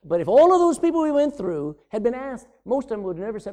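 A middle-aged man preaching a sermon as pastor, swinging from loud emphasis to sudden hushed drops. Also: high-pitched, sing-song, fast.

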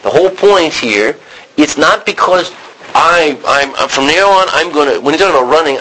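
A man teaching a Bible study class, animated and questioning his students. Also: fairly high pitch, normal speed, slight background noise, rough recording.

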